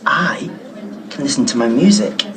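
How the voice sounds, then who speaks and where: A woman performs a short scene for a lesson, sounding exasperated and sighing often. Her pitch swings widely and she speaks slowly. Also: big pitch swings, over a noisy crowd, heavy background noise. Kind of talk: acted lesson dialogue.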